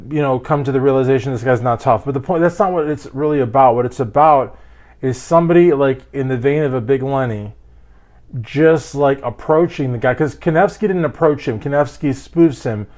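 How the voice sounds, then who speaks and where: A man's voice: on the high side, normal speed, darkish tone. A man hosting a fitness channel, giving a casual, rambling commentary monologue full of fillers and restarts.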